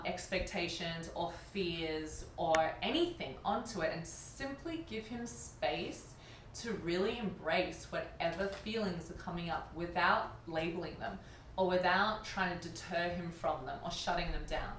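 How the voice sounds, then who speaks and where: A woman's voice: on the low side, fairly bright tone. A woman co-hosting a casual chat, talking animatedly and acting out quoted dialogue. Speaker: co-host. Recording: echoey room, faint background noise.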